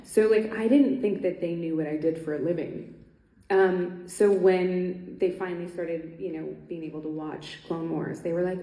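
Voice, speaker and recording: A woman's voice: fairly low pitch, steady tone, moderate pace, mellow. A woman talking as a panel guest at a convention, chatty and laughing, with many ums and restarts. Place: convention stage hall. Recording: echoey hall.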